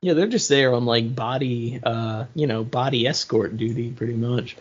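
A man co-hosting a podcast, casually recapping a movie and acting out its lines in an animated way. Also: medium pitch, normal speed, husky. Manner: animated, retells scenes with quoted lines and laughs. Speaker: podcast co-host. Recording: muffled lo-fi audio.

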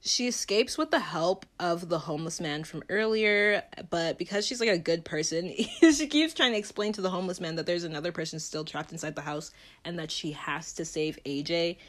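A woman's voice: lowish voice, normal speed. A young woman giving a chatty, dramatic movie recap and laughing often.

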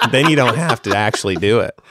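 A man's voice: medium pitch, expressive, normal speed, sharp tone, slight background noise. A man co-hosting a podcast, telling rambling, joking stories in casual chat. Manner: rambling, laughing anecdotes about his kids. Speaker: podcast co-host.

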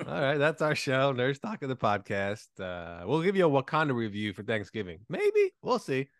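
A man's voice: mid-range voice, very animated, moderate pace, fairly bright tone, no room sound, studio quality. A man hosting a podcast in casual chat, blunt and profane, joking with his co-hosts. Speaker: podcast host.

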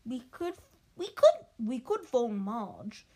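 A woman reading aloud and voicing a blustering, threatening middle-aged uncle who speaks slowly and emphatically. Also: fairly high pitch, very animated, mellow, exaggerated voice. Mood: flustered.

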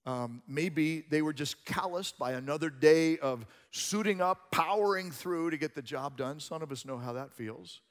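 A man preaching a sermon as a pastor, moving between hushed passages and loud, emphatic ones. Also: on the high side, normal speed, few pauses, big-room sound.

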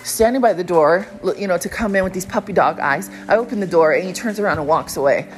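A woman with a low voice talks on her own podcast in a blunt, profane, casual monologue. Faint music plays behind her. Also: quick pace. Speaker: podcast host.

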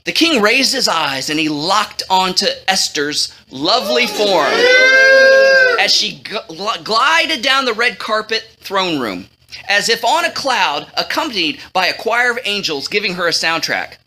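A woman's voice: mid-range voice, very animated, unhurried, sharp tone. Playful woman telling a comic story. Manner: playful, jokey, teasing the audience. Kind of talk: comic storytelling to a children's audience.

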